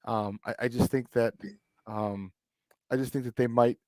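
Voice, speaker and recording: A man's voice: medium pitch, steady tone, moderate pace, darkish tone, dry recording, studio quality. A man from Chicago with a Chicago accent, hosting a sports talk show and hammering his points home with repetition. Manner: emphatic, repeats points for stress. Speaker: sports radio host. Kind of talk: sports talk radio banter.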